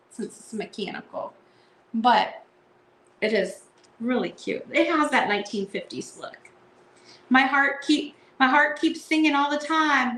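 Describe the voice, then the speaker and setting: Woman host, casual live-sale chatter, unhurried, playful verse reading, echoey room. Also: on the high side, fairly bright tone. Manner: chatty, reads card verses aloud in a playful sing-song. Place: indoor room at home.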